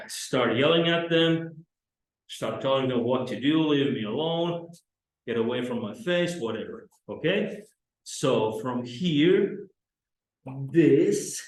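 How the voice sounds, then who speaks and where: A man, teaching self-defense drills to camera in slow, halting instruction. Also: medium pitch. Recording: very echoey training room.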